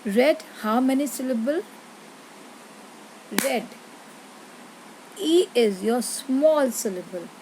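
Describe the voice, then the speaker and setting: Woman teacher, slightly high voice, very slow and deliberate, light background noise. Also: a little mellow, rough recording. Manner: slow, deliberate, repeats words and asks pupils questions. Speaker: English teacher. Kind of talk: slow explanatory grammar lesson.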